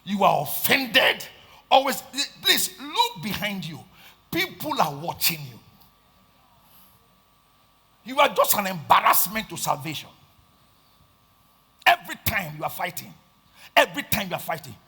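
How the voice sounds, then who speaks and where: A man with a Nigerian accent preaching a sermon, swinging between shouted lines and hushed asides and repeating phrases for emphasis. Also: high voice, very animated, a little slow, creaky, long pauses, husky. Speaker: pastor.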